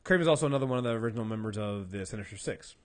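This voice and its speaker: A man co-hosting a casual podcast about comic books, retelling stories in an animated way with lots of fillers. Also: on the low side, rapid-fire. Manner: animated storyteller, acts out quotes, many fillers. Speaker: podcast co-host. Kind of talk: casual comic book chat.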